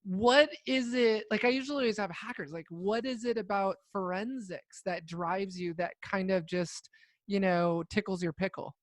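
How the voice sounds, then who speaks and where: A woman's voice: medium pitch, normal speed, no echo, studio quality. A woman hosting a podcast interview, chatting playfully and laughing often. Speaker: podcast host. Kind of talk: casual interview chat.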